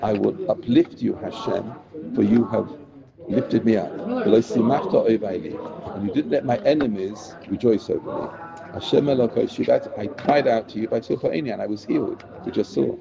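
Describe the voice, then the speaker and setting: A man's voice: lowish voice, normal speed, gravelly, dull audio, crowd noise. A man teaching a Torah class, translating prayer verses line by line with emphasis.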